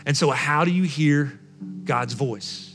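A man's voice: fairly high pitch, slow, a bit bright, soft background music. A male pastor preaching a sermon, speaking emphatically and repeating phrases for effect.

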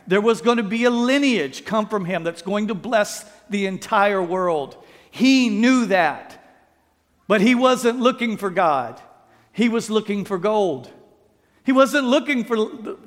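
A man preaching a sermon as pastor, telling stories with acted-out quotes and playful asides. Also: high-pitched. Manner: animated storytelling, acts out quotes, playful asides. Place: church sanctuary. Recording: reverberant sanctuary sound.

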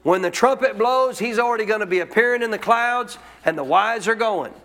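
A man's voice: high voice, a little fast, a bit bright. A man preaching a sermon to a congregation, emphatic, asking questions and repeating his points. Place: church.

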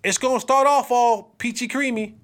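Male sports podcast host, high-pitched, casual trash talk, big drawn-out exclamations. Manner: animated, trash-talking, slangy.

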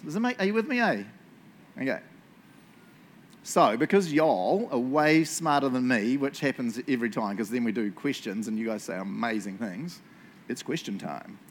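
A man's voice: mid-range voice, animated, normal speed, a little hiss or hum. A man leading a casual Bible study for a group indoors, chatty and jokey, asking the room questions. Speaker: youth or Bible study leader.

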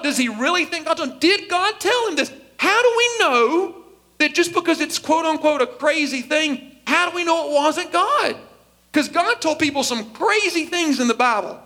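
High, bright-voiced preacher man. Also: normal speed. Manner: animated, acts out Bible characters in comic voices. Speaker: pastor. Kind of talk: sermon.

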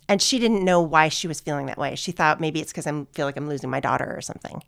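A middle-aged woman telling a personal story in casual chat, chatty and warm, laughing often. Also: low-pitched, a little fast, vocal fry, clear, resonant tone, no echo, studio quality. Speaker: guest.

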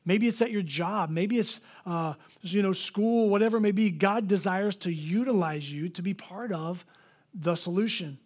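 A man with a bright, high-pitched voice preaches a sermon in a church. He is animated as he tells stories, acting out the voices of the people he quotes. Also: moderate pace. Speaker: pastor.

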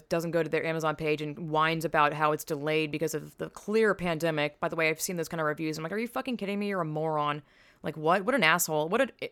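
Deep, creaky, and resonant yet clear, a young woman's voice hosts a casual podcast on a headset mic. She's frank and foul-mouthed, meandering across tangents, and the recording is dry with clean studio sound.

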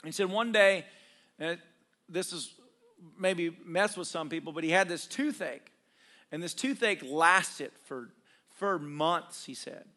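A man preaching a sermon as pastor, exhorting the congregation with call-and-response and dropping to a quiet storytelling voice. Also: a little high, slow pace.

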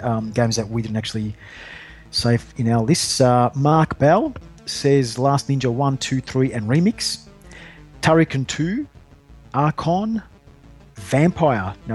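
A man's voice: mid-range voice, a little mellow. A man hosting a podcast, chatting casually and reading out listener lists in a jokey, self-deprecating way. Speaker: podcast host.

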